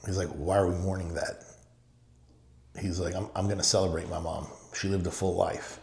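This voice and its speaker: A man's voice: low voice, steady tone, moderate pace, creaky, a little mellow. A middle-aged man from the Middle East, a podcast guest telling stories in an emphatic way and repeating short phrases. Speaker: guest, real estate owner. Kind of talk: casual interview storytelling. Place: podcast studio. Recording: roomy studio echo.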